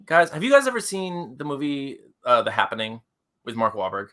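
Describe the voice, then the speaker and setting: Bright-voiced excitable young man. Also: medium pitch, fairly quick. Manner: excitable, rambling, laughs often. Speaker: co-host of a comics show. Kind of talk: live-stream banter.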